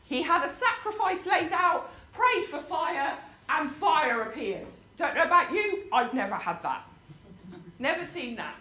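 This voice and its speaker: A woman's voice: extremely high pitch, fairly bright tone. A woman preaching a sermon, telling a personal story with rhetorical questions to her congregation. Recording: roomy hall with faint ambience.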